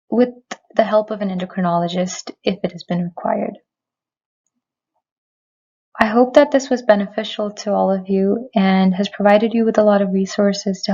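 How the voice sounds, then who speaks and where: A woman physician giving a prepared lecture, speaking in a measured, clear, explanatory way from a remote recording. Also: mid-range voice, warm tone, dull audio. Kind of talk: prepared medical presentation. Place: remote recording, not in person.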